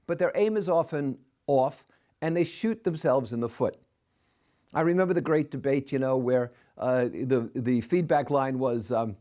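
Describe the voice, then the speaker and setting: Older guy ranting about politics, voice swings up and down a lot, slightly high. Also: a little mellow. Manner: opinionated, scornful, rhetorical questions. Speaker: podcast host. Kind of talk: opinion commentary monologue.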